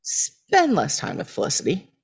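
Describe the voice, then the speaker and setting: A woman's voice: mid-range voice, huge pitch swings, moderate pace, gravelly, husky, pitched above the performer's own voice, exaggerated voice. A woman voicing a blunt, matter-of-fact male therapist in a podcast recap, speaking in a pointed way.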